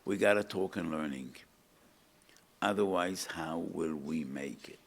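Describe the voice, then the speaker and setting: A man's voice: deep voice, unhurried, vocal fry. An older man giving a rabbinic lecture, telling stories, quoting Hebrew texts and asking his listeners questions. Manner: storytelling, asks the audience questions, mixes in Hebrew quotes. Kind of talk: lecture to an audience.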